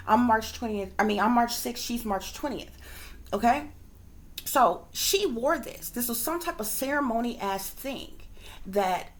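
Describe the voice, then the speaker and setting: A woman, a psychic reader, telling a long story to her viewers in a rambling, emphatic way, swearing freely and sometimes dropping to a hushed whisper. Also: fairly high pitch. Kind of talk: casual storytelling monologue to viewers.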